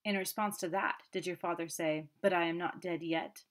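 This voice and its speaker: A woman voicing a quiet but sharp, boastful male detective who probes and needles. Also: sits high, steady tone, normal speed. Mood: pressing.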